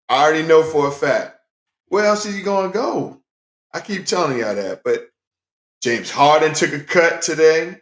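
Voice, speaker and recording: Chatty male host in a roomy space. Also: mid-range voice. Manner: chatty and repetitive, repeats phrases for emphasis; talks directly to viewers, greets them often. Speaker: podcast host. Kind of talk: casual solo talk show. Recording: roomy echo.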